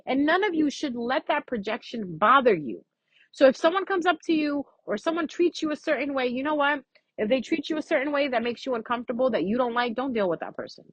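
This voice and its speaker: A woman's voice: sits high, animated, fairly quick, breathy edge, dry recording, rough recording. A woman giving a casual, frank astrology reading as a vlogger, chatty and freely swearing.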